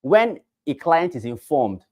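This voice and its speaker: A man's voice: fairly high pitch, big pitch swings, unhurried, dry recording. A Nigerian man teaching a class for realtors, repeating key phrases and quizzing the listeners with rhetorical questions. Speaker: real estate trainer.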